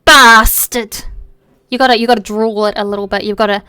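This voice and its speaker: A woman streamer chatting casually while playing a game, animated and playful, with quick asides and some swearing. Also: medium pitch, clear, resonant tone, dry recording.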